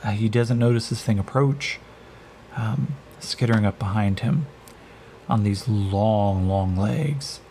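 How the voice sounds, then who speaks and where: A man narrating a solo tabletop game as game master, in an unhurried, hesitant way with many pauses. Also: fairly low pitch, dark tone, slight background noise.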